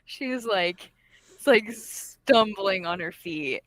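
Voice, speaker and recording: A woman's voice: medium pitch, lively intonation, takes it slowly, fairly bright tone, dry recording. A woman player in a tabletop game, describing her character's actions.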